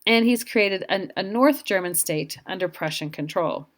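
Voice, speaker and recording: A woman's voice: medium pitch, normal speed. A woman history teacher giving an informal lecture over slides, chatty, with asides to her students.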